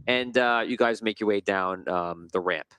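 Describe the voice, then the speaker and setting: Brief: chatty game master, bright, forward tone, rambling and self-correcting. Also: male voice, lowish voice, moderate pace, clear, resonant tone, no room sound. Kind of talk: narrating a tabletop game.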